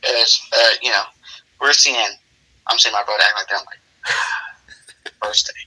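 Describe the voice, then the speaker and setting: A man's voice: fairly low pitch, normal speed, sharp tone, slightly rough, rough recording. A man casually improvising a role-play story with lots of fillers. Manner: casual, rambling, many fillers.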